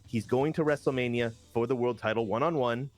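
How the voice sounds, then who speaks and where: A man voicing a calm, matter-of-fact male general manager of a wrestling show who tries to settle a dispute. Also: medium pitch, a little fast, soft background music, lightly acted. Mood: placating.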